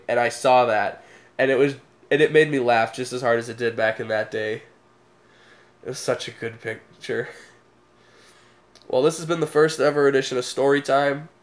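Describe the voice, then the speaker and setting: Young man, casual storytelling, relaxed, medium pitch. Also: moderate pace. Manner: laid-back, laughs at his own stories. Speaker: vlogger.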